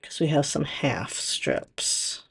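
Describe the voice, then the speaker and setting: A woman talks through a nail product demo at an unhurried, slow pace. Her voice has a gravelly, creaky edge, and she chats and thinks aloud as she works with her hands. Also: low-pitched, expressive, slight background noise. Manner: chatty, thinking aloud while working.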